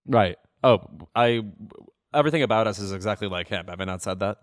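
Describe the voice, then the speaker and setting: A man's voice: fairly low pitch, a little fast. A man co-hosting a podcast, chatting about pop culture in a wry, sardonic, self-deprecating way. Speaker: podcast co-host. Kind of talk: casual pop-culture chat.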